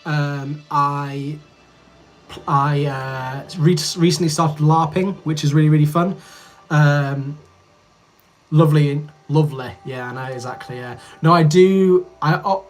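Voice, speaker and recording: A man's voice: fairly high pitch, unhurried, soft background music. A man in his thirties from Yorkshire, streaming a casual livestream chat where he reads comments and rambles in a friendly way while he edits. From Yorkshire, England. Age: 30s. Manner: rambling, friendly, easily distracted while editing.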